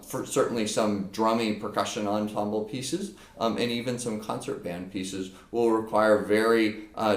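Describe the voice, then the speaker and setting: A man giving an unscripted percussion lesson, explaining step by step with frequent fillers. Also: fairly low pitch. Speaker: percussion teacher. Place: practice room with a drum. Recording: echoey room.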